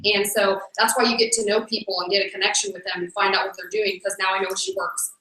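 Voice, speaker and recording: A woman's voice: mid-range voice, fast talker, very noisy. A woman leading a team meeting, giving an upbeat motivational talk and speaking straight to the audience. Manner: upbeat, energetic, addresses the audience directly. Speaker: network marketing team leader. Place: meeting room. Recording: echoey room, mic from far off.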